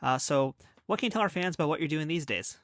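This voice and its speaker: Quick-talking male host, dry close sound. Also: on the high side, animated, a bit bright, no room sound. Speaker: podcast host. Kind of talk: interview questions.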